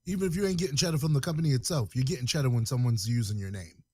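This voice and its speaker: A man's voice: medium pitch, rapid-fire, a little mellow, no echo, clean studio sound. A man co-hosting a casual podcast discussion, matter-of-fact and slangy. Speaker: podcast co-host.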